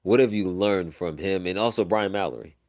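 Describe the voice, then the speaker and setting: Male podcast host, low voice, dry mic, easygoing questions. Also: fairly quick, darkish tone, dry recording. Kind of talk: casual interview questions.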